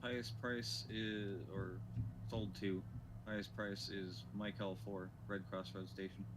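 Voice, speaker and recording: A teammate on voice chat reads out prices and numbers in a low, flat tone. His voice comes through noisy voice-chat audio with steady background noise. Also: a little slow. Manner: reads out prices and figures plainly. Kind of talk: casual gaming voice chat.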